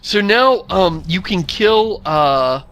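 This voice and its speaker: Sardonic man with a bright voice. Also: high voice, animated, slow. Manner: wry, sardonic recapping. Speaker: co-host of a game commentary show. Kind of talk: casual gaming commentary chat.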